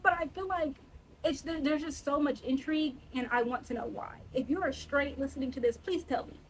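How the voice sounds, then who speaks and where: Sassy high-voiced woman podcaster. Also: brisk, slight background noise, low-quality recording. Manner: blunt, sassy and playfully indignant. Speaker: podcast host. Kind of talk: casual solo podcast monologue.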